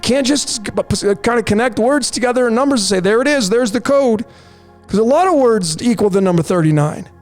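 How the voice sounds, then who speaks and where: A man's voice: very high-pitched, expressive, normal speed. A man hosting a numerology talk, insistently walking through slides and repeating "folks" and "there it is". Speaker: numerology channel host. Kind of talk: conspiracy commentary over slides. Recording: faint music bed behind voice.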